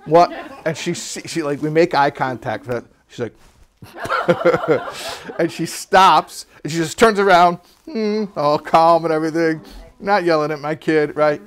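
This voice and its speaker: A man's voice: on the high side, unhurried, slight background noise. Chatty man teaching a class. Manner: lively anecdotal delivery with questions to the class. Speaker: Torah teacher. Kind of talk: classroom lecture with storytelling.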